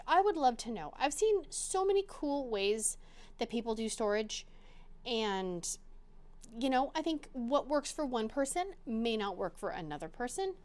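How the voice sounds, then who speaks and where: Chatty crafty woman, high bouncy voice, takes her time, jokey. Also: darkish tone. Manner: bubbly, chatty, self-mocking. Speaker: crafting channel host. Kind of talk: casual chat to camera.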